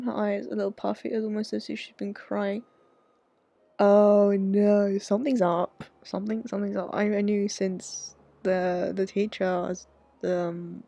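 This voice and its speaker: Gravelly-voiced woman streaming a dating game. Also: mid-range voice, dark tone, no echo. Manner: chatty, swears freely, jokey asides. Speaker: gaming streamer. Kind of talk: casual game commentary and reading aloud.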